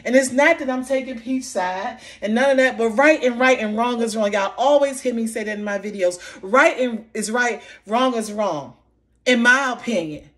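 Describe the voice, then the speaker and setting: A middle-aged woman, venting emotionally in a vlog, impassioned and repetitive, her voice sinking soft and low in the hurt parts. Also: normal speed. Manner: impassioned, repeating herself, voice dropping low and soft when recalling hurt. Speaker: vlogger. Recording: faint background noise.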